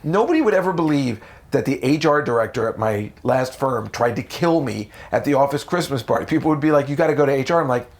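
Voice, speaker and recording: A man from the United States, a comedian telling stories in a casual interview, animated and profane. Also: fast, hardly any pauses. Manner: animated, profane, jumps into high voices for quotes. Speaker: comedian guest.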